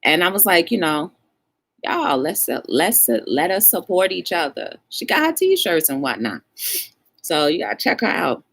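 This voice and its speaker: A woman's voice: fairly low pitch, sing-song, normal speed, creaky, fairly bright tone, breathy edge. A woman hosting a live talk show, telling a story and acting out both sides of the dialogue, and calling her viewers y'all.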